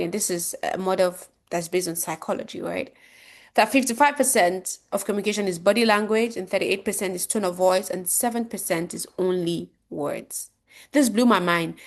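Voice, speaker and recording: Woman coach teaching a speaking class, mid pitch, chatty, asks the room questions and acts stuff out with big swings. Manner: conversational teaching with rhetorical questions. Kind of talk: course lecture.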